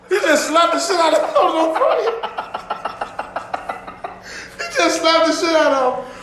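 A man hosting a casual podcast chat, telling stories loudly with lots of laughing and swearing. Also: extremely high pitch, expressive, moderate pace, pauses often, slight background noise. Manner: loud, laughing, profane storytelling. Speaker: podcast host. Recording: echoey room with faint ambience.

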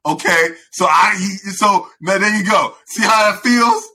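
A man's voice: high voice, unhurried, bright, forceful tone, slightly rough. A young man co-hosting a podcast, chatting casually and complaining playfully. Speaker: podcast co-host. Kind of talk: casual chat.

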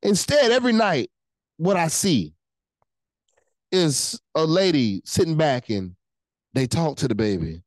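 A pastor preaching a livestreamed sermon, animated and repeating phrases for emphasis while calling out to the online chat. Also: mid-range voice, unhurried, long pauses, no echo, rough recording.

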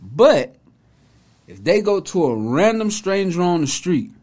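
A man's voice: high voice, sing-song, measured pace, a little mellow. A man hosting a casual commentary video, talking in an emphatic, preachy, conversational way. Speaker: host, commentator.

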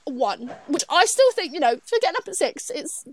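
Giggly high-voiced woman in her twenties. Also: very animated, normal speed. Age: 20s. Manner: giggly, rambling, lots of fillers and restarts. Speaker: guest, traveler. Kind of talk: casual chat.

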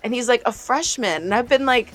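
A woman's voice: on the high side, brisk. A young woman from South Carolina in casual chat, telling a story with acted-out quotes and frequent laughter. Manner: animated storyteller, acts out quotes, laughs often.

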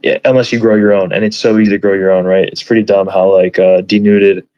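A man's voice: on the low side, level tone, quick pace, a little mellow, dry recording, dull audio. A man chatting casually as a podcast guest, rambling with many fillers and swear words. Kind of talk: casual chat.

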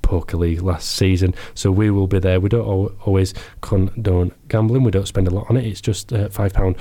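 Bloke doing a radio sports show, lowish voice, chatty, keeps tripping on words. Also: male voice, fairly even intonation, brisk, warm tone. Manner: chatty, jokey, stumbles over words. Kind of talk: casual radio sports chat. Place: hospital radio studio.

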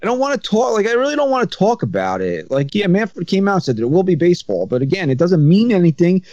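A man's voice: high-pitched, big pitch swings, fast talker, a little mellow, dry recording. A man hosting a casual podcast chat, telling stories in a rambling, self-interrupting way. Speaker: podcast host. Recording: slightly dull sound.

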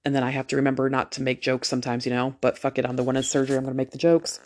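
A woman's voice: rumbling low, flat delivery, racing, darkish tone. Woman, about 40, nurse; casual profane storyteller, just back from a procedure. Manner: candid, profane, chatty. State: just out of anesthesia after a procedure.

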